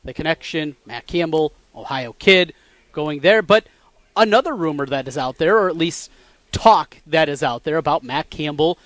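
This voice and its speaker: Higher-voiced sports radio host, dry studio. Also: male voice, dry recording. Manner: measured, recalls facts in detail, gets animated when joking. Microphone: studio mic.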